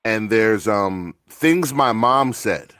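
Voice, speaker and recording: A man's voice: fairly low pitch, lively intonation, takes it slowly, fairly bright tone, no room sound, clean studio sound. A man chatting casually on a podcast, telling funny stories with frequent stammered restarts and acted-out quotes. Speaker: guest author.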